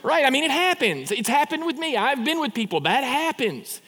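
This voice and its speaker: A man preaching a sermon in a conversational, animated way, full of rhetorical questions and quick restarts. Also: extremely high pitch, big-room sound. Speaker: pastor.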